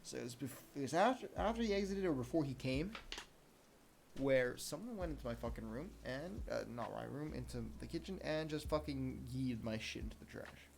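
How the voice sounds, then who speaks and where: A man's voice: medium pitch, expressive, normal speed, creaky, a little hiss or hum. Profane ranting young man. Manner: heated, profane storytelling. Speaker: podcast host. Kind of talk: solo podcast rant.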